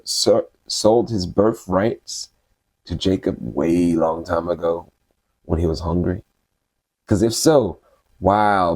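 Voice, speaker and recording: A man's voice: lowish voice, creaky, warm tone, husky, no echo. A man giving casual, slangy Bible study commentary, reading passages aloud and then riffing on them conversationally.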